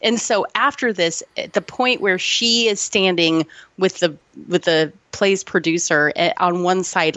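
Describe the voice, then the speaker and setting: A woman's voice: on the low side, a bit bright, dry recording, muffled recording. A woman co-hosting a podcast, retelling an old film with emotion and frequent laughter. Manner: emotional, gushing, laughs often. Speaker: podcast co-host. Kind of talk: casual film review chat.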